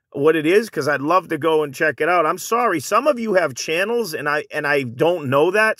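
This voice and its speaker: A man's voice: a little high, fairly bright tone, no room sound, clean studio sound. A man hosting a casual vlog, reading viewer comments and ranting with frequent restarts, calling his viewers folks. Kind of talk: casual rambling vlog talk. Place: Phoenix area.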